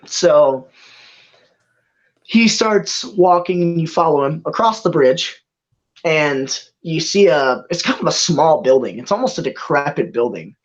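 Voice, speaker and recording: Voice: medium pitch, animated. Chill game master narrating the scene, laughs a lot, muffled lo-fi mic. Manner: laid-back, laughs often, slips into quick character voices. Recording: dull lo-fi mic.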